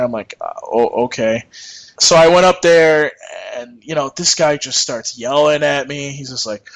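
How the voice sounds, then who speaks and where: A man's voice: mid-range voice, moderate pace, a bit bright, rough recording. A young man co-hosting a podcast, telling a rambling, profane work story and acting out the people in it. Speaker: podcast co-host.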